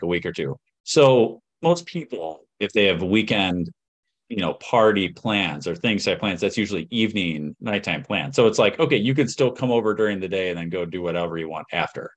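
A man's voice: fairly low pitch, expressive, brisk. A man hosting a podcast in an easygoing, rambling chat. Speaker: podcast host.

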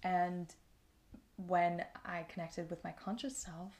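A woman's voice: fairly low pitch, flat delivery, slow, darkish tone. A woman hosting a podcast, talking through personal experiences in a reflective, conversational monologue that often checks in with the listener. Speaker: podcast host.

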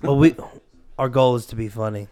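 A man's voice: mid-range voice, steady tone, a little fast, warm tone. A man co-hosting a podcast in casual chat, eager and teasing, often repeating himself. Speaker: podcast co-host.

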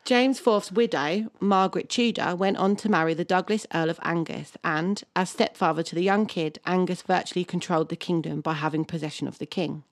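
Woman, podcast co-host, low voice, reading history from a script, dry close mic. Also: a little fast, hardly any pauses, no room sound. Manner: reads from a script, laughs often, unsure of place names. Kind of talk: reading a history story with casual banter.

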